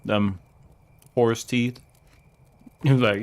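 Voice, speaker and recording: Gravelly joking game streamer man. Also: medium pitch, moderate pace, a bit bright, a little hiss or hum. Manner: joking, laughs often, talks to his game characters. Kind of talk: casual gameplay commentary.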